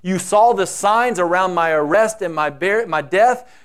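A preacher with a high voice and a slow, deliberate delivery. He gives a dramatic sermon and acts out the voices he quotes. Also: fairly bright tone, clean tone. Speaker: pastor.

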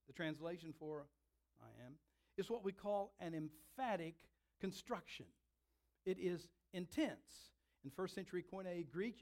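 A man preaching a sermon, telling a scene with dramatic, emphatic delivery and slowed, stressed words. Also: high voice.

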